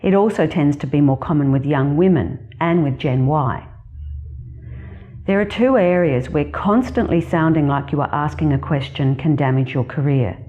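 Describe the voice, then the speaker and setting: An Australian woman speaking in a low, mellow voice as a career specialist. She gives her advice in a measured, instructive way, and the recording sounds a little dull and lo-fi. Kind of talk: scripted advice to camera.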